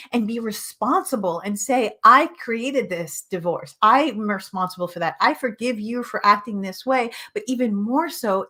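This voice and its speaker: A woman's voice: on the high side, a bit bright. A woman hosting a spiritual self-help show, speaking in an impassioned, emphatic way and repeating phrases for force. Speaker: spiritual teacher and show host. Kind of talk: impassioned motivational monologue.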